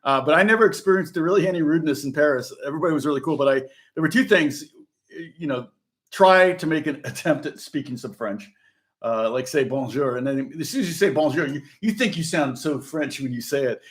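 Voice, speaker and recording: With a voice on the high side and a fairly quick delivery, a middle-aged American guitar teacher rambles through casual live-stream chat. He laughs often and keeps restarting what he's saying.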